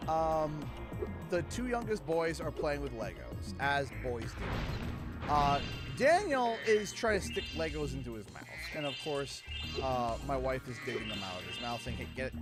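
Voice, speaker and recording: A Canadian man chats with his stream audience, his pitch swinging up and down as he tells a story and acts out the quotes. He sits at middle pitch. Game music plays clearly underneath. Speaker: livestream host. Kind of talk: casual livestream chat.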